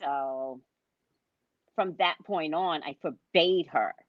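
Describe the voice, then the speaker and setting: A woman hosting a casual chat over a video call, telling stories in an animated way and acting out what others said. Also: sits low, takes it slowly, dry recording, dull audio. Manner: animated storyteller who acts out quotes. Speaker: host, psychic reader.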